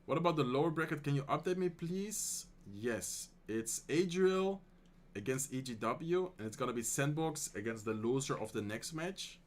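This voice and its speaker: A Dutch man streaming live, calling an esports match in English with a Dutch accent, then answering chat in a relaxed, friendly way. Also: a little high. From Netherlands. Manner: excited fast play-by-play calls that give way to relaxed, soft chat replies. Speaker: streamer and tournament caster.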